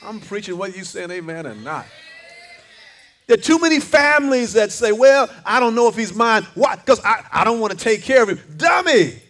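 A man's voice: sits high, animated, moderate pace, a bit bright. An older man preaching a sermon, fervent, with call-and-response lines and repeated words. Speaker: pastor.

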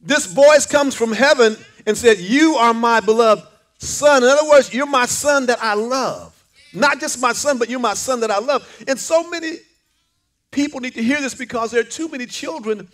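A man's voice: very high voice, moderate pace, a bit bright. An older man preaching a sermon, fervent, with call-and-response lines and repeated words. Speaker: pastor.

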